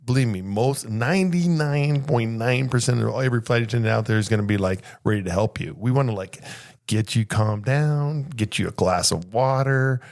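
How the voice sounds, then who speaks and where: An older man with a mid-range voice talks animatedly in casual chat, full of filler likes. His pitch leaps up as he gets going. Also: normal speed. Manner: lively, mimics passengers with pitch jumps, many filler likes. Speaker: podcast co-host, flight attendant.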